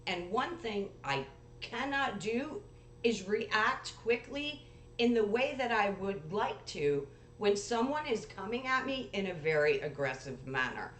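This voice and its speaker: A woman's voice: mid-range voice, big pitch swings, measured pace, fairly bright tone. A woman host who recounts a dispute to her viewers in a blunt, profane way, reading out messages with lots of expression. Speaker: paranormal channel host. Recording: echoey room with faint noise.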